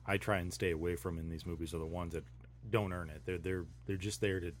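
A man in casual chat, giving relaxed, conversational opinions. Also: sits low, fast, a little hiss or hum.

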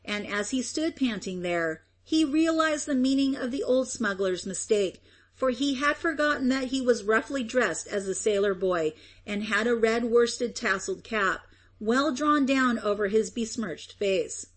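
A woman narrates a story aloud in a measured, expressive reading. Her voice sits a little higher than most women's. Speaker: audiobook narrator. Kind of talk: scripted narration.

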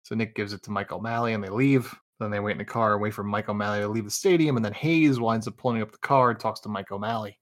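A man's voice: lowish voice, fast talker, few pauses. Man recapping a movie plot. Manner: recaps plot in long run-on sentences. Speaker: podcast co-host. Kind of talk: casual movie recap chat.

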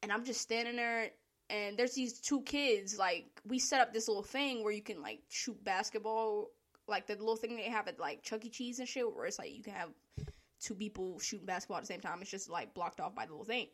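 A woman's voice: medium pitch, fairly quick, a bit bright. A young woman telling a casual, profane story about her work, laughing often as she talks. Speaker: store worker telling work stories.

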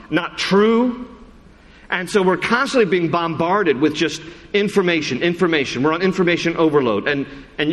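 A man's voice: on the high side, fairly bright tone. A male pastor giving a conversational sermon, quoting scripture and often restarting his sentences. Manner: conversational preaching with repeated restarts and scripture quotes. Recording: long hall reverb.

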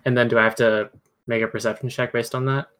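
Brief: female player, extremely deep voice, casual and unsure. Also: steady tone, quick pace, a bit bright. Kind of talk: casual tabletop game play.

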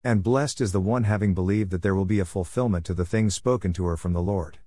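A man's voice: low voice, fast talker, warm tone, no room sound, clean studio sound. A man reading the lines of an older woman who exclaims a formal blessing.

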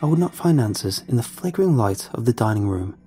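A man giving scripted first-person horror narration in a measured, ominous manner. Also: mid-range voice, animated, warm tone, faint music behind.

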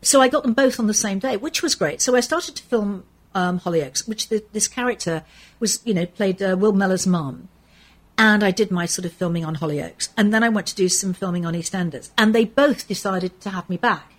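A woman's voice: medium pitch, brisk. Chatty older English woman, full of anecdotes. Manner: chatty, anecdotal, with frequent fillers and restarts. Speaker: soap actress guest. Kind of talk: casual interview chat.

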